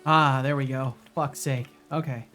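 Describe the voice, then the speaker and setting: A man's voice: medium pitch, steady tone, unhurried, bright, forceful tone, soft background music. A man live-streaming a video game, chatting casually with his viewers and swearing often. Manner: swears often, talks to chat while playing.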